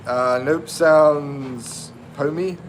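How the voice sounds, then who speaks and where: Hosting a relaxed live stream, a middle-aged North Carolina man drawls and stretches out his words, his voice pitched a little higher than most men's. He chats loosely in a laid-back way and greets viewers by name. A loud air-conditioner hum and traffic noise sit beneath him.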